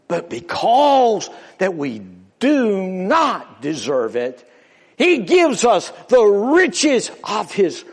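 A male preacher delivering a sermon with dramatic rises and falls, often calling out to the listener as "my friend". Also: high-pitched. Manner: dramatic rising and falling delivery, calls out "my friend". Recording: long hall reverb.

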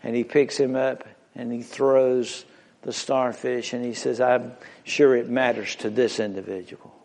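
A man preaching a sermon, slow and drawn out, dropping to hushed low phrases and rising to shouted climaxes. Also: flat delivery. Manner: slow, drawn-out delivery with dramatic pauses.

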